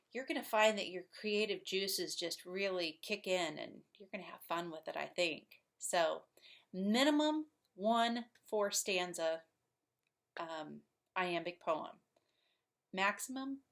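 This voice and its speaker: Middle-aged lady teacher explaining poetry meter, really unhurried, patient, chuckles a bit. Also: medium pitch, a bit bright. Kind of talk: classroom poetry lesson.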